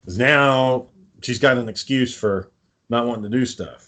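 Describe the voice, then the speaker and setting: A man's voice: mid-range voice, normal speed, a bit bright. Male podcast co-host, loose profane storyteller, ordinary mid-range voice. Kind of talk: casual chat.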